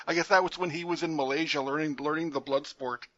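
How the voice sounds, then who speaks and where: Man, co-host, casual recap chat, somewhat high voice, muffled audio. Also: steady tone, fast, a bit bright, dry recording. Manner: jokey play-by-play recapping, laughs often. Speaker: podcast co-host.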